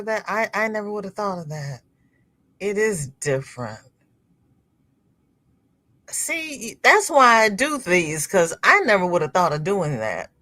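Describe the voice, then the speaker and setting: A middle-aged woman hosting a casual crochet livestream, chatting with viewers, telling stories and laughing often. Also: medium pitch. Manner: animated storyteller, laughs often. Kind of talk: casual livestream chat, reading viewer comments.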